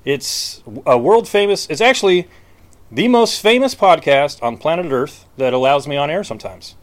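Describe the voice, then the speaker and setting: A man from the United States doing casual street interviews outdoors, with a playful, mock-grand, deadpan way of talking. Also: a little high, moderate pace, no echo. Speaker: street interviewer, podcast reporter.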